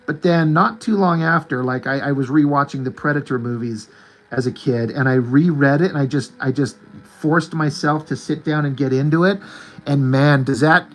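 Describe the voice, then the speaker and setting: A man in his forties hosting his own art channel, chatting casually and with enthusiasm about movies and comics, rambling and saying "like" a lot. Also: on the high side. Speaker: artist and channel host.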